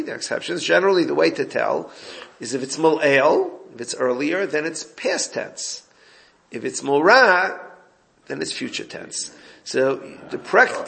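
A man's voice: a little high, creaky, fairly bright tone. A man giving an informal Torah class, explaining a text and recounting exchanges with his students. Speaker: Torah teacher.

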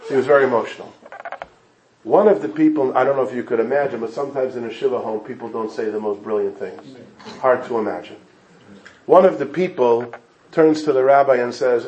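A man delivering a sermon with storytelling in a synagogue hall, moving from hushed to impassioned. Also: medium pitch, fairly quick. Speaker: speaker at an evening gathering. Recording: echoey room.

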